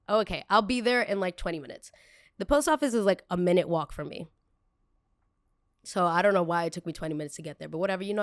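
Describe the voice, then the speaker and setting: A woman's voice: lowish voice, no room sound, clean studio sound. Chatty young woman telling a story. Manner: chatty, animated, jumps into quoted voices. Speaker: podcast host. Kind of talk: casual storytelling monologue.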